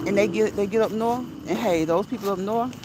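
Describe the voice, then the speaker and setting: Woman host, walk-and-talk livestream, laughs a lot, repeats herself for emphasis, mid pitch, faint outdoor noise. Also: a little fast. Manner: chatty, laughs often, repeats phrases for emphasis. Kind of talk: casual livestream chat reading viewer comments. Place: outdoors while walking.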